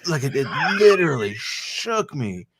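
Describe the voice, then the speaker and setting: A man's voice: lowish voice, lively intonation, normal speed, no room sound, clean studio sound. A married man co-hosting a casual podcast chat, telling stories animatedly and swearing casually. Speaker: podcast co-host.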